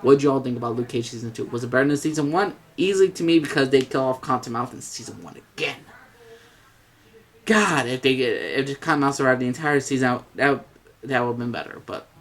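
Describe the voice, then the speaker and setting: A man talks through a casual video review at a middle pitch, rambling and restarting often. He is blunt and swears now and then. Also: a bit bright. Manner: rambling, hesitant, with many fillers and restarts.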